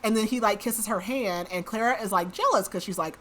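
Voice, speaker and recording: A woman's voice: medium pitch, a little fast, fairly bright tone, slight background noise. A woman hosting a podcast, recapping a book in a casual, chatty way and saying "like" a lot. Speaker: podcast host.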